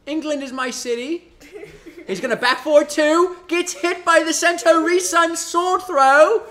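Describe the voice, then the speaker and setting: A woman's voice: sits high, unhurried, a bit bright, pitched above the performer's own voice. A woman putting on a silly posh British commentator voice, plummy and drawn out while calling a fighting game match. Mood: giddy posh. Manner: plummy, giddy, stretched-out words. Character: over-the-top posh British male commentator. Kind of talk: mock British caster bit.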